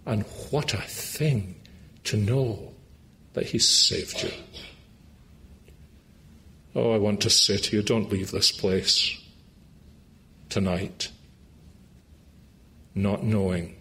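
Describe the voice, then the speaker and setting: A Scottish preacher delivers his sermon at an unhurried, deliberate pace. His voice sits on the low side, and he presses his appeals to the listener with earnest pleading before closing in prayer. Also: vocal fry, pushed and bright. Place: church meeting.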